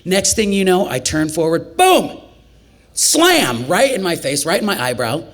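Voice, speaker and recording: A lively woman from Nebraska spins a tale on a festival stage. She talks conversationally and laughs often, leaping up in pitch whenever she acts out what someone said. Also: unhurried. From Nebraska, USA. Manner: animated, acts out quoted lines with big jumps in pitch. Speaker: storyteller. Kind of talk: live storytelling performance.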